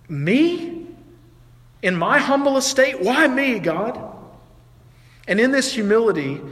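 A man's voice: high-pitched, big-room sound. A man preaching a sermon to his congregation in a conversational way, sometimes acting out the voices of people in the story. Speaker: pastor.

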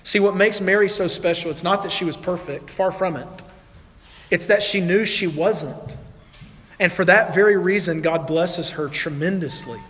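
A man's voice: sits high, normal speed, fairly bright tone, long reverb tail. A man preaching a sermon to his congregation in a conversational way, sometimes acting out the voices of people in the story. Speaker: pastor.

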